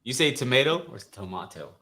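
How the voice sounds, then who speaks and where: A man's voice: medium pitch, sing-song, a little fast, sharp tone. A man hosting a casual livestream chat, joking and teasing his co-hosts over a video call. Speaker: podcast host.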